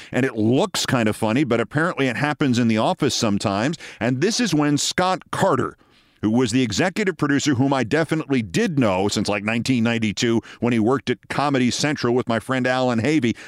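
A man in his sixties spins a long anecdote as a show host, wry and vivid. His pitch moves widely and expressively around a middle register. The recording is dry and close. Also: no echo. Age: 60s. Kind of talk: storytelling monologue.

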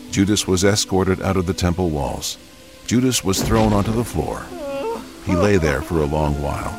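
Brief: very deep male narrator, scripted audio drama, grave and measured, music bed underneath.

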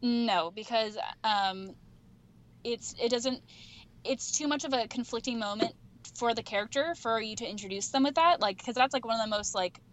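A woman's voice: on the high side, moderate pace, fairly bright tone, a little hiss or hum. A young woman chatting as a podcast guest, full of "like" fillers. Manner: chatty, heavy use of "like" fillers. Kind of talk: casual podcast chat.

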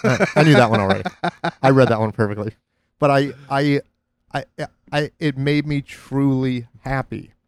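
A man's voice: mid-range voice, steady tone, normal speed, no room sound. Candid, rambling man in a dry room. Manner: rambling and candid, with many restarts. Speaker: podcast host. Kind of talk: casual chat.

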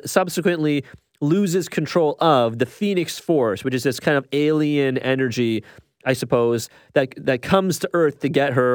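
A male film reviewer talks in a fairly high voice, emphatic and exasperated, and keeps tossing in quick tag questions. The sound is dry and close on the mic, with no room echo. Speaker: movie reviewer. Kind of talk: opinionated podcast review.

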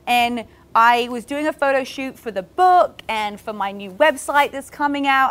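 Chatty, encouraging woman podcaster with a higher voice. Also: a bit bright. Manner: chatty and candid, many "like" fillers; encouraging, speaks to listeners directly. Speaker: podcast host. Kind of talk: casual motivational podcast talk.

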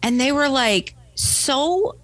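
A woman's voice: high-pitched, slow pace. A woman guest telling a story in a casual interview, acting out the voices of people she quotes and often asking "right?". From United States. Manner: animated, acts out quoted voices, frequent "right?". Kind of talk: conversational storytelling.

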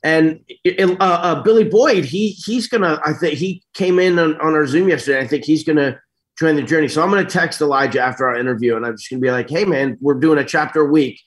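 A middle-aged man with a somewhat high voice tells stories as an interview guest. He is animated and rambling, breaking off mid-sentence and starting over. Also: quick pace. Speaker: actor guest. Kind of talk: casual interview storytelling.

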